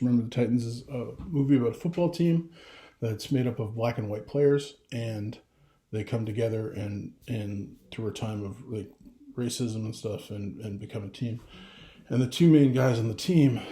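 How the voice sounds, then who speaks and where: A man's voice: mid-range voice, mellow, reverberant. A middle-aged father talking casually to camera, rambling with restarts and getting emotional. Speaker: vlogger.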